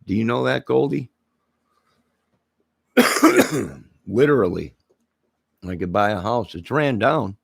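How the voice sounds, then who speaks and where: Slow, gravelly area man. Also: on the low side, no echo. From Illinois, near Chicago. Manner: rambling, joking, answers viewer comments aloud. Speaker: livestream host chatting with viewers. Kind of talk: casual rambling livestream chat.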